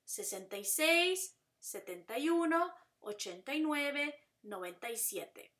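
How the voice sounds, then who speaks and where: A woman teaching a Spanish lesson, counting slowly and explaining patiently. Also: high voice, animated, fairly bright tone. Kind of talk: language lesson.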